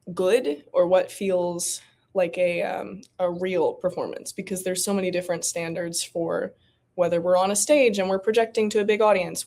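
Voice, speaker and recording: A woman's voice: on the low side, a little mellow. A woman in her twenties, an actor guest on a podcast, chatting expressively and laughing often. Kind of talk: casual interview chat.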